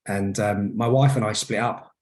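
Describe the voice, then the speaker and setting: The hypnotherapist, a man in his forties, keeps a steady, darkish tone at a moderate pace and a fairly low pitch. He tells his stories on a casual podcast in a hesitant, filler-heavy way, often restarting.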